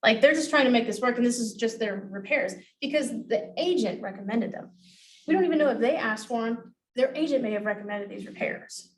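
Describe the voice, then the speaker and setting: A woman with a slightly high voice runs a training class for agents. She talks bluntly, swears freely and acts out the lines she wants them to use. The mic picks her up from a distance. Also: expressive, brisk. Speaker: real estate negotiation trainer.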